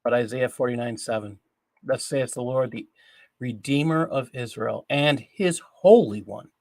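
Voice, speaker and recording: A man hosting a Christian news show, reading scripture and commenting in an earnest, deliberate way over a call mic. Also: medium pitch, a little mellow, dry recording.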